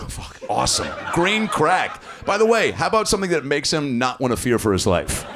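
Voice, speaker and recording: A man on a comedy club stage, bantering with the crowd and another comic in quick, teasing riffs. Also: mid-range voice, very animated. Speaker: stand-up comedian. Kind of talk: riffing with the audience.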